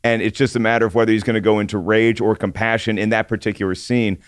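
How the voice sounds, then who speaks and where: A man's voice: fairly low pitch, little pitch movement, quick pace, clean tone, no echo, clean studio sound. A man co-hosting a podcast, giving thoughtful, analytical opinions in casual review chat. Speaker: podcast co-host.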